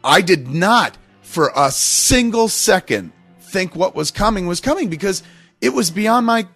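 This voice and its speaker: A man's voice: high voice, animated, unhurried, fairly bright tone, faint music behind. A middle-aged man hosting a podcast, telling a long story in a casual, profane, self-mocking way. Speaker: podcast host.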